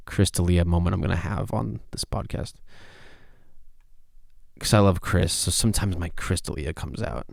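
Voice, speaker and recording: A man hosting a casual solo podcast, sounding stuffy and talking excitably, exclaiming and swearing casually. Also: sits low, vocal fry, no echo, clean studio sound. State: stuffy, congested. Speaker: podcast host.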